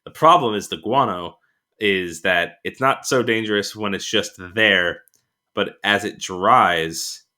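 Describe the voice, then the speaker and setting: Podcast co-host, male, deep-ish but bright and sharp voice, lively chuckling storyteller. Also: measured pace. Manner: animated storyteller who chuckles through anecdotes. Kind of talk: casual chat, storytelling.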